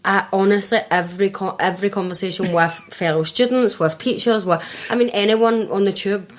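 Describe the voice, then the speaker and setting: A woman's voice: medium pitch, steady tone, fairly quick. A Glaswegian woman, a life and business coach, chatting animatedly on a podcast and laughing often as she tells stories. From Scotland. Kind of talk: casual podcast chat.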